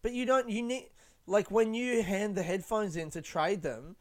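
A young man hosts a casual podcast by himself, rambling, swearing, and poking fun at himself. His voice is high and his pace moderate.

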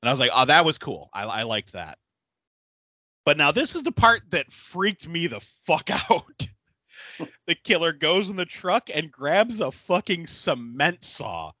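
A man with a fairly high voice talks a little slowly while recapping a horror film on his podcast. The chat is casual and animated, full of laughter and swearing, recorded with no room sound and with the high frequencies cut off.

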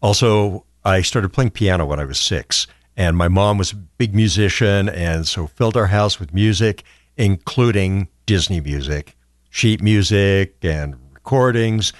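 A man in his sixties chatting as a podcast guest, telling quick, warm recollections. His voice is very low. The sound is dry and close on the mic. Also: dry recording. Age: 60s. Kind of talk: casual chat.

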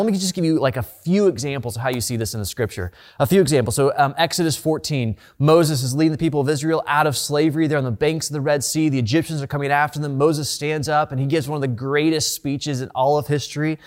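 A male pastor delivering a sermon from the pulpit. His voice sits a little higher than most men's. He speaks earnestly and conversationally, often doubling words as he restarts a thought. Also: darkish tone.

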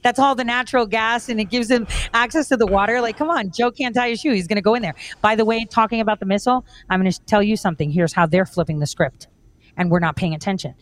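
A woman's voice: medium pitch, quick pace. Emphatic woman guest on a talk show. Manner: emphatic, insistent. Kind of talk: casual talk show conversation.

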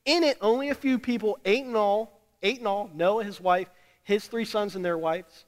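Brief: male pastor, high voice, sermon delivery with sharp swings between hushed and loud emphasis, speaks to the congregation, long church-hall reverb. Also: normal speed. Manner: repeats lines for emphasis and addresses the congregation directly. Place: church sanctuary during a service.

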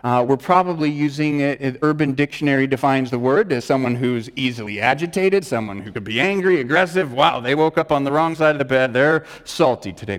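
A man preaching a sermon as pastor, emphatic and earnest, repeating words for stress and often restarting his sentences. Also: mid-range voice. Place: church sanctuary. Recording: long hall reverb in a church.

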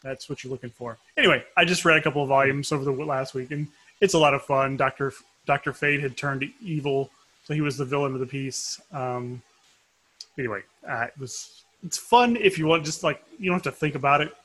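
A man's voice: medium pitch, fairly quick, fairly bright tone. A middle-aged man co-hosting a podcast in casual chat, rambling and chuckling as he goes. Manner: rambling, chuckling, self-interrupting. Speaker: podcast co-host.

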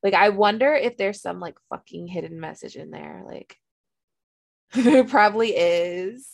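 Woman co-host, casual and profane, low and gravelly. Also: measured pace, dry recording. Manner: casual, swears freely. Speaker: podcast co-host. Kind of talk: casual chat about a fantasy novel.

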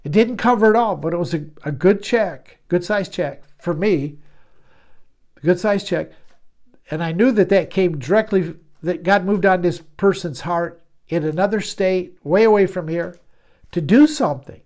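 A man's voice: sits high, moderate pace, a little mellow. A man preaching a sermon as a pastor, conversational, often repeating words and restarting phrases.

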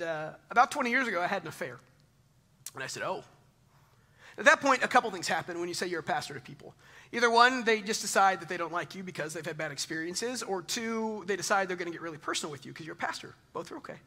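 A man's voice: high-pitched, sharp tone. A male pastor preaching a sermon, telling a personal story in a conversational way and dropping to a near whisper at tender moments.

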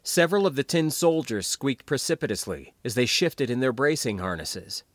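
A man's voice: medium pitch, expressive, normal speed, no room sound, studio quality. A man narrating a science fiction audiobook expressively, giving characters their own voices. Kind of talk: scripted sci-fi narration.

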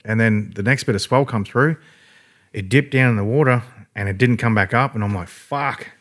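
Fast-talking Australian man telling a yarn. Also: fairly low pitch, fairly bright tone. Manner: rambling, heavy swearing, laid-back. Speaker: podcast guest. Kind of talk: casual storytelling.

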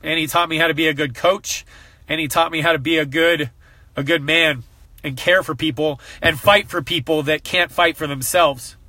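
Earnest man with a bright, forceful voice. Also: a little high, steady tone, normal speed, dry recording. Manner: earnest, emotional, fighting back tears. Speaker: coach. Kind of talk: heartfelt personal talk to a group.

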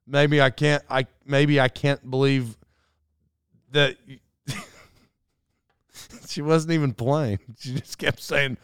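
A man's voice: mid-range voice, steady tone, drawn-out words, pauses often, a bit bright, smooth, dry recording, studio quality. A middle-aged man telling rambling, self-aware stories in a casual solo monologue.

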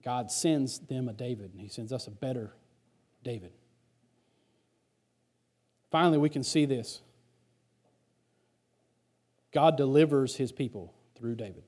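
A man's voice: mid-range voice, normal speed, long pauses, a little mellow, slightly rough. A male pastor preaching a sermon in a conversational, storytelling way.

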